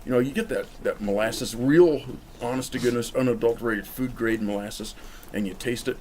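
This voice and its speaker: A man with a mid-range, slightly mellow voice rambles through a cigar review in a casual vlog, standing outside in the cold. He talks at normal speed, joking directly to the viewer, over a little hiss or hum.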